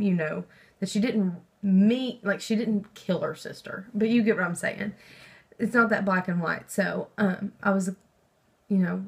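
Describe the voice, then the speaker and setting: A young woman vlogger talking about a book in a casual, rambling way, excitable, with lots of fillers and swearing. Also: medium pitch. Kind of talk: casual book review chat.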